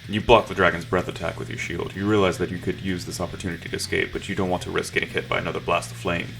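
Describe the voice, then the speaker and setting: A man's voice: low voice, little pitch movement, fast, gravelly, fairly bright tone, faint music behind. A man reading an improvised story game aloud, with dry, joking asides. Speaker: gamer narrating a text adventure.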